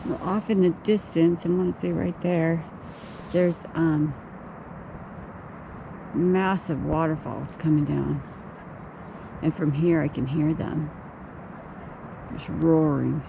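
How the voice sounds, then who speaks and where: Filming her walk along a forest trail by roaring water, an older woman vlogger points out the sights in casual narration. Her voice sits low, with fairly even intonation. The outdoor camera audio carries clear rushing-water noise.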